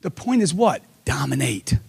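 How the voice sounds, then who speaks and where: A man giving a live motivational speech into a handheld mic, loud and punchy, firing off rhetorical questions. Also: mid-range voice, big pitch swings, moderate pace, gravelly, breathy edge, long reverb tail. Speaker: motivational speaker.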